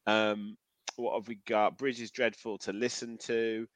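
A man's voice: lowish voice, little pitch movement, unhurried, no echo. A man hosting a football podcast, chatting casually with fillers and reading out listener comments. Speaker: podcast host.

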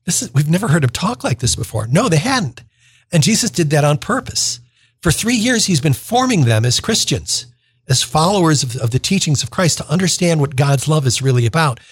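A man's voice: mid-range voice, slightly rough, no room sound. A man, a deacon, explaining the week's gospel on the radio in an informal, plain-spoken way.

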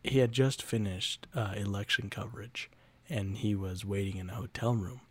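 A man's voice: on the low side, fairly even intonation, normal speed, slightly rough. A man co-hosting a podcast in a casual, joking chat, slipping into playful whispers now and then. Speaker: podcast co-host.

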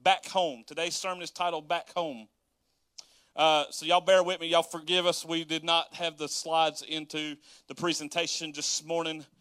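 A pastor delivering a sermon in a high, forceful voice. He talks in a folksy, casual way, full of asides. He acts out everyday moments with animated energy, and the sound is dry and close. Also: normal speed, clean tone, no echo.

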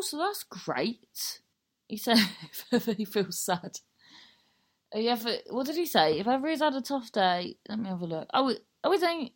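A woman with a Cornish accent hosting a podcast, chatting casually and rambling, with frequent swearing and self-mockery. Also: a little high. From Cornwall. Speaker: podcast host.

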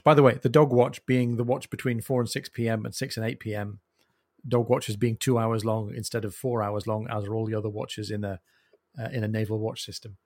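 A man's voice: fairly low pitch, fairly quick. A man hosting a podcast, chatting about a novel's humour and now and then reading lines. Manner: animated, reads quoted lines in put-on accents. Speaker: podcast host. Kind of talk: conversational book discussion.

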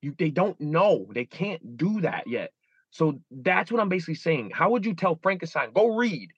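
Man, thirties, earnest, repeats himself, slightly high voice, dull dry sound. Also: big pitch swings, moderate pace, breathy edge, no room sound. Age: 30s. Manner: earnest, repeats and restarts, acts out inner voices. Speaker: interview guest. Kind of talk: emotional interview.

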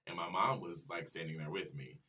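Deep-voiced man guest with a bright tone, easygoing storyteller, sounding a bit off-mic. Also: fairly quick, distant mic. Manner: laid-back, self-deprecating storyteller. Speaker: podcast guest. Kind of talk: casual interview storytelling.

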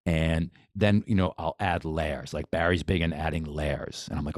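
A man's voice: deep voice, moderate pace, hardly any pauses, dry recording, clean studio sound. A man, a boxing coach, talking casually as a podcast guest, enthusiastic and rambling with restarts. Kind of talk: casual interview chat.

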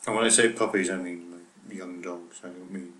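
Joking man with a lowish voice. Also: steady tone, normal speed, fairly bright tone, a little hiss or hum. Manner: playful, riffs on absurd jokes. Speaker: podcast co-host. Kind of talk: casual banter reviewing an episode.

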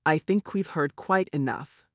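A man voicing a poised, authoritative woman council leader who speaks in a cold, measured way in an audiobook reading. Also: low-pitched, no room sound, studio quality. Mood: stern.

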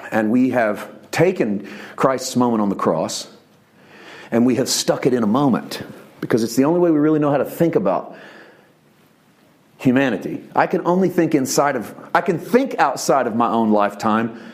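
Male pastor, animated sermon delivery, very lively intonation. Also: normal speed. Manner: animated preaching, shifts between soft low tones and raised emphasis; voices quoted speech in a conversational preacher's tone.

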